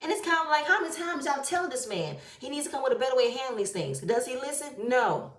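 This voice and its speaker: A woman's voice: sits high, animated, quick pace, fairly bright tone, far from the mic. Blunt exasperated woman, roomy and off-mic. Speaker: reality show commentator. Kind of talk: casual reaction commentary. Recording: roomy echo, voice a bit off-mic.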